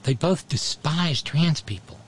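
A man's voice: on the high side, animated, unhurried, slight background noise. A man hosting a political commentary show, talking in a sarcastic, blunt and profane way.

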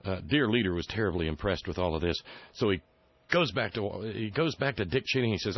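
A man's voice: on the low side, expressive, fast talker, slightly rough, no room sound. A man hosting a radio talk show, telling a joke and doing put-on voices for the people in it. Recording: dull lo-fi radio sound.

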